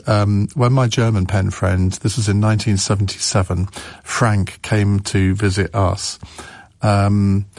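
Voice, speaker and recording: A man's voice: on the low side, vocal fry, darkish tone, dry recording. A man hosting a radio phone-in, chatting casually with callers and stumbling over his words with frequent restarts and fillers. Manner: hesitant, many restarts and fillers. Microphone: studio microphone.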